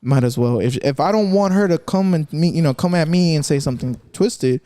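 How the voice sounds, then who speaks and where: A man's voice: a little high, brisk, warm tone, no room sound. A man hosting a casual podcast, telling stories in a rambling, profane way and laughing often. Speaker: podcast host.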